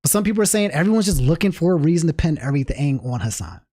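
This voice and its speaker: A man whose voice is a little high talks very fast while livestreaming, chatting loosely with his viewers. The commentary is casual and rambling, with lots of restarts and animated asides to chat.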